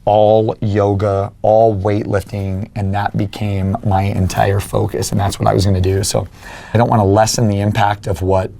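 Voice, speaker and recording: Here a young fitness coach guests on a podcast, his low-ish, dark voice carrying vocal fry, little pitch movement, and a moderate pace. He tells his personal story earnestly during the interview, acting out remembered exchanges.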